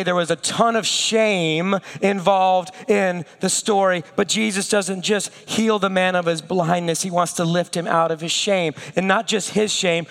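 A man preaching a sermon, telling stories with lively acted-out voices and going slow and hushed for his weightiest points. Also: high-pitched, long reverb tail. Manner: animated storytelling, acting out quoted voices. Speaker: pastor.

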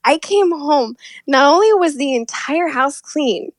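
A woman guest telling a personal story in an interview, animated and often laughing as she talks. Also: sits high, measured pace, no echo.

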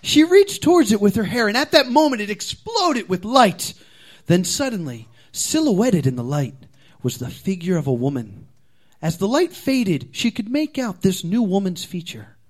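A man's voice: high-pitched, very animated, normal speed. A man reading his comic fan fiction aloud as a comedy contestant, with dramatic, playful storytelling.

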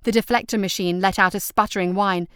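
A woman's voice: mid-range voice, steady tone, a little fast, a bit bright, clean tone, dry recording, studio quality. A woman reading out an action story as narrator, telling it steadily and vividly.

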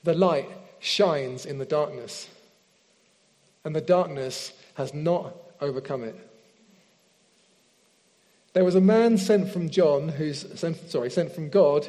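A man preaching a sermon, leading a prayer and reading scripture slowly and earnestly. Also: on the high side. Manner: earnest, slows down and softens in prayer. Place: church hall with screen behind speaker. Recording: long hall reverb.

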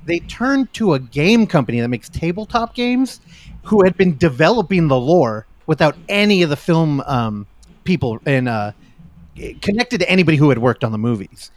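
Animated, ranting man from the Bay Area. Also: fairly high pitch, normal speed, no room sound. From San Francisco Bay Area, US. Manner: animated, ranting, swears freely. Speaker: podcast co-host. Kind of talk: casual film-podcast chat.

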